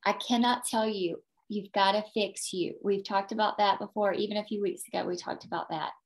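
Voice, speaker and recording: A woman's voice: mid-range voice, steady tone, a little fast. Brief: emphatic woman team leader, motivational training talk, video-call sound. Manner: emphatic, repeats points, tags "okay?".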